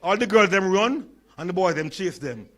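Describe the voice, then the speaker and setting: Jamaican man in his sixties, slight stutter and lisp, high-pitched storyteller, humorous keynote. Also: lively intonation, moderate pace, a bit bright. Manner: storytelling, engages audience with questions. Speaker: conference speaker.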